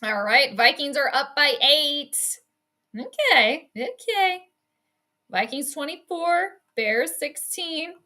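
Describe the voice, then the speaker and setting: A woman hosting casual live play-by-play football commentary, animated and quick to scold and laugh. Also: high voice. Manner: animated, exclaims and scolds the team, laughs often.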